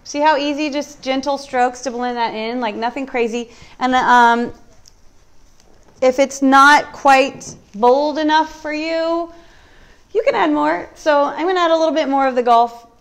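A woman demonstrating furniture painting on a live stream, talking through each step in a relaxed, chatty way. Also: high-pitched, unhurried. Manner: relaxed, chatty, thinking aloud. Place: warm indoor workshop.

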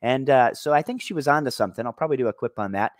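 A man's voice: mid-range voice, very fast, dry recording. Male vlog host delivering emphatic, argumentative opinion commentary; mid-range voice, dry recording.

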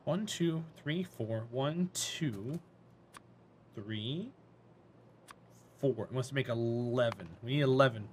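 A man's voice: mid-range voice, takes it slowly, long pauses, slight background noise. A man with a North Carolina Southern accent, chatting and teasing viewers playfully while live-streaming a game. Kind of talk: live-streamed gameplay chat.

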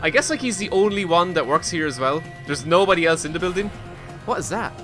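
A man gives running commentary while he plays a video game on stream. He swears freely and jokes at his own expense. His voice is bright and edgy, and faint game music runs behind him. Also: a little high, a little fast. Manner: excitable, self-mocking, swears often. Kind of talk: casual let's-play commentary.

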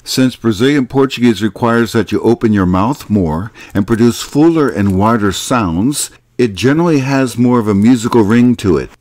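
A man's voice: mid-range voice, expressive, a little mellow, no room sound. A man giving scripted, explanatory narration for a language lesson video. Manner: explanatory, measured.

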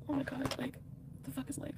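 A vlogger talks frankly to her viewers, rambling, swearing, and filling her speech with "like." Her voice sits high, and the recording is very noisy.

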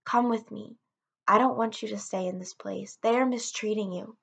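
A woman voicing the ghost of a mother turned into a bird, speaking softly and slowly to her son. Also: medium pitch, fairly even intonation, creaky, slightly rough. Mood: tender. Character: ghost mother in bird form, gentle and protective.

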